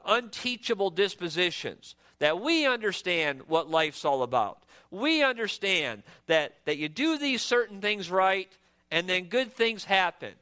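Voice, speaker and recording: A man delivers a sermon in a high, bright voice that rings clear and smooth. He talks earnestly, stumbling over repeated words and restarting as he reaches for the next phrase. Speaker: preacher.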